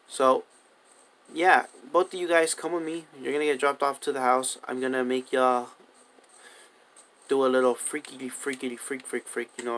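A man's voice: mid-range voice, fairly bright tone. Young male gaming host, casual, rambling playthrough chatter, mid-range voice. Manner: chatty, coaxing animals with repeated commands. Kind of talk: casual gameplay commentary.

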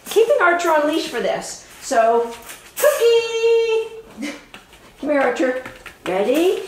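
A woman dog trainer giving a chatty live demonstration, explaining as she goes and breaking into bursts of cheery praise for a puppy. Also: high-pitched. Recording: echoey room with faint noise.

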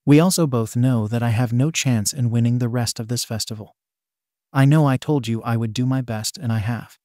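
A man's voice: mid-range voice, normal speed, warm tone, dry recording, clean studio sound, close to an everyday voice. A man voicing a determined teenage boy training to be a hero, speaking firmly and matter-of-factly.

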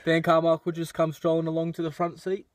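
A man's voice: a little high, monotone, a little fast, dry recording. A young man in casual interview chat, laid-back and mumbling his asides. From Australia. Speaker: footballer guest.

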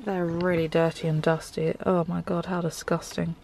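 A woman's voice: fairly low pitch, level tone, normal speed, vocal fry, very noisy. A woman vlogging from inside her car, chatting and gushing with lots of ums. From England. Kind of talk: casual car tour vlog.

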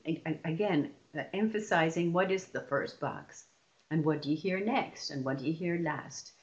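A woman leading a lesson for teachers, explaining patiently and stretching example words out slowly. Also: low-pitched, dull audio. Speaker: teacher trainer.

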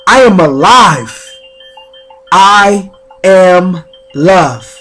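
A man leading guided spiritual affirmations in slow, repetitive, chant-like phrases. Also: sits high, expressive, bright, forceful tone, soft background music. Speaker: spiritual speaker.

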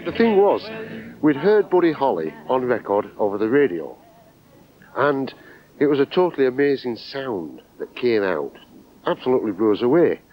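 A man from England recalling seeing a concert as a fan, speaking in an excited, emphatic way outdoors by the venue. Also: mid-range voice, moderate pace, lo-fi sound. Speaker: fan interviewee. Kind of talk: enthusiastic reminiscing interview.

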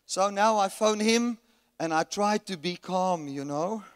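Male guest preacher, high voice, story-driven delivery, live hall reverb. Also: a little slow, clear, resonant tone. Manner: storytelling, rising to shouts when reenacting anger. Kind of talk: sermon with anecdote. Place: resort hall at a church camp. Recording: long reverb of a large hall.

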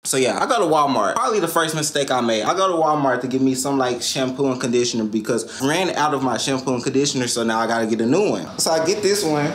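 A young man with a Southern US accent, telling an animated, profane story as a vlogger. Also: quick pace, few pauses. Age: young adult. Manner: animated, profane, jumps into high squeals. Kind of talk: casual storytelling rant. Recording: echoey room with music underneath.

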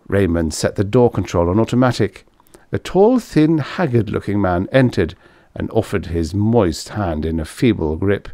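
An audiobook narrator reads a short story in scripted narration, delivering it expressively in a storytelling style. His voice is fairly low and his pace moderate, captured in clean studio sound with no room sound.

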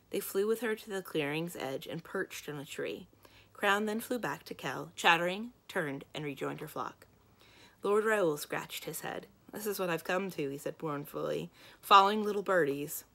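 A woman librarian reading a children's book aloud in calm, steady narration. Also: low voice, gravelly.

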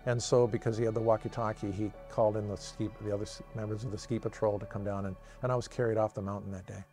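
A middle-aged man with a low, gravelly voice tells his own story from memory. He speaks earnestly and reflectively, often pausing to restart a thought, with soft music playing quietly underneath. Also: level tone. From Washington State, USA. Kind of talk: personal testimony told from memory. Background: soft cinematic music.

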